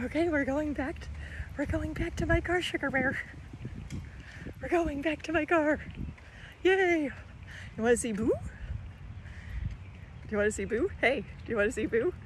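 A woman with a fairly high voice chats to her pet bird in cooing, sing-song baby talk. She is outdoors in a park with a handheld phone, and a faint hiss of background noise sits behind her. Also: moderate pace, pauses often, a little mellow. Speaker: vlogger and bird owner. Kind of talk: casual chat to her pet.

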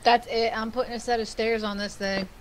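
A woman's voice: fairly high pitch, flat delivery, fairly quick, slight background noise. A woman chatting casually while playing a game with friends, laughing often and swearing offhandedly. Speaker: fellow player.

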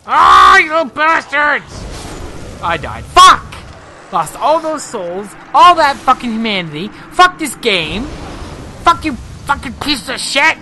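A woman playing a video game and commenting as she goes, with constant swearing and loud, frustrated outbursts at the game. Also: on the high side, wildly swooping pitch, unhurried, noisy background. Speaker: let's play gamer. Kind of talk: live gameplay commentary.

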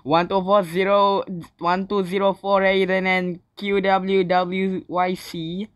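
Screaming young gamer man, bright and crisp. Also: high voice, slow, dry recording, studio quality. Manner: yells and swears in bursts between calm remarks; non-native English phrasing. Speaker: gaming channel host. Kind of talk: live gaming commentary.

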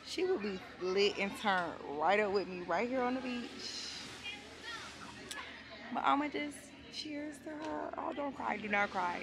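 A woman vlogging on a beach, talking casually to her viewers, loud and excitable, then tearful and grateful. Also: medium pitch, vocal fry, noisy background. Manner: loud, excited, emotional, Southern US slang. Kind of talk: casual vlog talk to camera. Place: outdoors on a beach.

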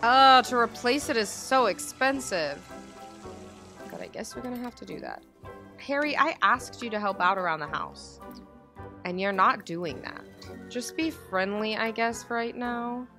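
Young woman rambling at her sims, slow easy pace, bright voice, soft game music behind. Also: on the high side, animated. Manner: chatty, talks to her game characters. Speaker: gaming channel host. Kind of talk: casual let's-play commentary.

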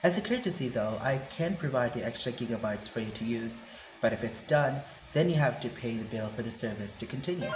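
An actor playing both an angry caller and a formal supervisor in a comedy skit. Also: female voice, extremely low pitch, a little fast, roomy sound, background noise. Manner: indignant then calm and formal.

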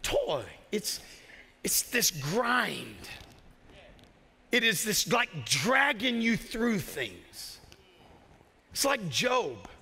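A pastor with a Southern US accent preaches with passion, breaking into jokes and sudden raised lines. His voice sits high and rings very bright and sharp. A long reverb trails each phrase through the church hall. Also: sing-song, drawn-out words, creaky, long pauses, breathy edge. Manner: impassioned, joking asides, bursts of raised voice. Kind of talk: sermon. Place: church sanctuary.

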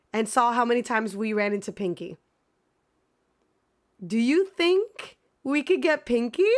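A woman streaming a video game, chatting casually with viewers and swinging between excited gasps and mock dread. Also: on the high side. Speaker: gaming streamer. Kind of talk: casual live gameplay chat.

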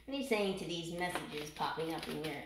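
A woman's voice: low voice, brisk, very noisy. A woman giving a casual tarot reading in a chatty, joking way, swearing freely and laughing often. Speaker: tarot reader. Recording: echoey room.

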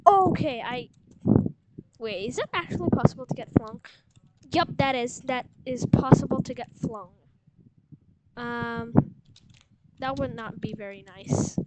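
A woman talks through a game walkthrough at an unhurried, drawn-out pace, her voice sitting slightly high. She rambles, second-guesses herself and fills gaps with ums. Loud noise and clicking run under the recording. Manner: rambling, unsure, many fillers. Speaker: game guide host. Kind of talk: casual gameplay walkthrough.

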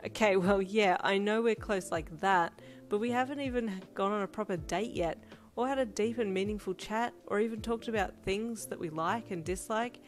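A woman's voice: medium pitch, moderate pace, voice pushed up, natural voice. A woman reading as a playful, teasing young woman. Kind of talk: fan fiction audiobook reading. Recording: loud music bed under voice.

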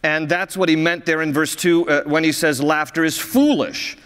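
A man's voice: fairly high pitch, steady tone, moderate pace, fairly bright tone, clean tone. A male pastor preaching a sermon, a jovial storyteller who often laughs at his own stories. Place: church sanctuary. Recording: reverberant church hall.

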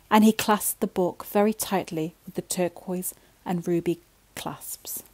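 A woman telling a bedtime story in a gentle, slow way that sometimes drops to a whisper. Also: fairly low pitch, steady tone, low-quality recording.

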